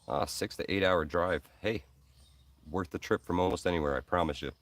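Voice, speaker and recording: A man's voice: sits low, a little fast, distant mic. A man from New York's Hudson Valley hosting a live stream, chatting casually and rambling with many ums while answering viewers. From Hudson Valley, New York. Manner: rambling, friendly, many ums and uhs, says man and bro. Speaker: host of a preparedness live stream.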